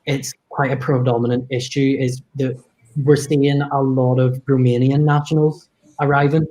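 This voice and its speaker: Mellow-voiced Northern Irish young man. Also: mid-range voice, little pitch movement, moderate pace, low-quality recording. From Northern Ireland. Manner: reflective, hesitant, with restarts. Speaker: guest. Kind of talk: casual discussion.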